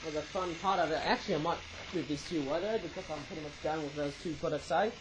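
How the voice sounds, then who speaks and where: A man talks through a toy unboxing in a loose, chatty way, adding "eh?" to his remarks and dropping puns. His voice sits slightly higher than most men's, and he is still coughing from a recent flu and sore throat. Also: quick pace, background noise. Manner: chatty, tags sentences with "eh?" and makes puns. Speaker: toy reviewer. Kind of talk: casual unboxing review.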